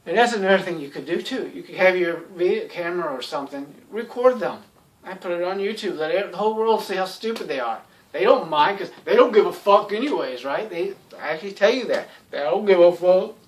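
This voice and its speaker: Rambling, blunt man with a high-ish voice. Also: expressive, fairly quick, far from the mic. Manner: rambling, heavy on "you know" fillers; blunt and sarcastic. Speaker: YouTube commentator. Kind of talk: casual rambling monologue.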